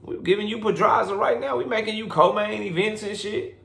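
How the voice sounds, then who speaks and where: A man's voice: fairly high pitch, a little fast, a bit bright. A man voicing a petty, scheming older male boxing promoter who talks in a smug, mocking way. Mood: indignant. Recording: roomy echo.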